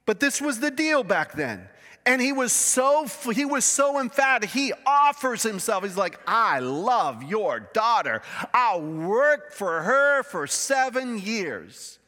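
A man's voice: sits high, sharp tone. A man preaching a sermon as pastor, telling the story emphatically with many restarts. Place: church sanctuary. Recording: reverberant church hall.

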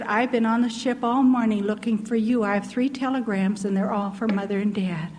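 An older woman missionary shares her testimony in an earnest, heartfelt way, her voice sitting somewhat high. The sound carries a long, echoing reverb like a large hall. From United States. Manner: earnest, heartfelt, laughs softly while telling. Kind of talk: personal testimony storytelling.

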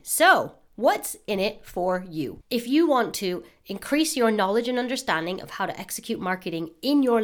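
A woman hosting a podcast, giving an upbeat, eager promotional announcement with animated emphasis. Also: medium pitch. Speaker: podcast host.

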